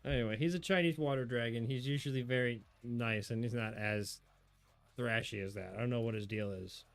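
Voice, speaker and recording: A man chatting casually on a stream about his pet reptiles, explaining their behavior and coaxing them in a high, playful voice. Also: a little fast, faint music behind. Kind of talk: casual chat with pets on stream.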